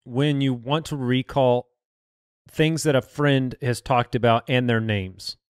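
A man's voice: medium pitch, fairly even intonation, clear, resonant tone, dry recording, studio quality. A man hosting a comedy podcast, teasing his co-hosts in casual banter. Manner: teasing, quick to laugh. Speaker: podcast host.

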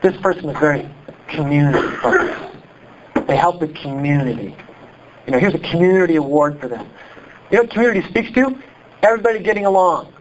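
A pastor from Iowa with a Midwestern accent, preaching a sermon in an animated, conversational way full of rhetorical questions. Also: male voice, on the high side, brisk, long pauses, highs cut off. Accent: Midwestern American.

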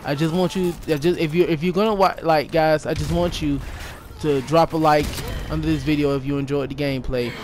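Man, casual vlog storytelling, animated, repetitive, slightly high voice, loud game gunfire in background. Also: brisk. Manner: animated, rambling, repeats himself, says "yo". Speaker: YouTuber. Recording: noisy with game gunfire behind.

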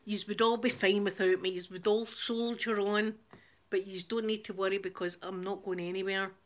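A woman's voice: mid-range voice, steady tone, normal speed. Giggly Glaswegian woman chatting live. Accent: Glaswegian Scottish. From Glasgow, Scotland. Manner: chatty, giggly, laughs often between lines. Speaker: channel host reading viewer comments. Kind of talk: casual live-stream chat.

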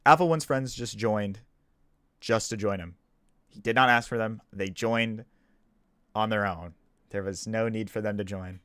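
A man's voice: fairly low pitch, a little slow, pauses often, fairly bright tone, clear, resonant tone, dry recording, clean studio sound. A man, just woken up, explaining himself in a casual video commentary, defensive and stumbling, repeating and restarting his sentences. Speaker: gaming YouTuber.

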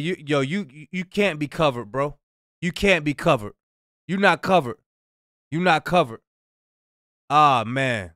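A man's voice: on the high side, animated, unhurried, long pauses, fairly bright tone, no room sound, clean studio sound. A man hosting a reaction video, talking casually with preachy, exasperated asides.

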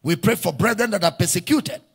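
This pastor's voice is high, gravelly, and slightly rough, and he preaches a little fast. With a Nigerian English accent, he leads the congregation in call-and-response and repeats key phrases for emphasis, recorded in a reverberant church hall.

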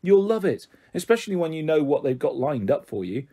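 A man voicing a cheerful, pushy mother who talks warmly and coaxingly in a storybook reading. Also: fairly high pitch, very animated, fairly quick, slightly rough.

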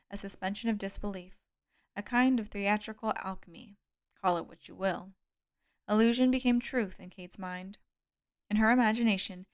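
A woman reading a thriller audiobook aloud in a measured, calm storytelling manner. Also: medium pitch, smooth. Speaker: audiobook reader. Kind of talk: scripted narration.

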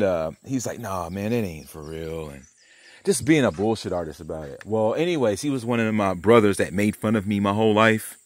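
A man with a fairly low voice talks straight to his viewers in a loose, rambling way, full of swearing and slang. He pieces his story together as he goes, in a conspiratorial tone. The sound is dry and close, with no room around it. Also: dry recording. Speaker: vlogger and painter. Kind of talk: rambling casual monologue to camera.

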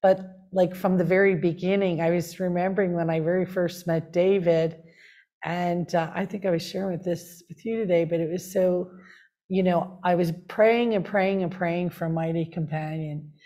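Earnest woman, soft lowish voice. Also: steady tone, moderate pace. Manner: earnest and rapt, with frequent "like" and "you know" fillers. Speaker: spiritual community member sharing her story. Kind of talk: heartfelt conversational sharing.

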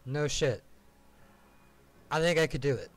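A young man streaming a shooter game, commenting casually with lots of swearing and excited outbursts. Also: fairly high pitch, unhurried. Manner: profane, excitable, frequent loud outbursts.

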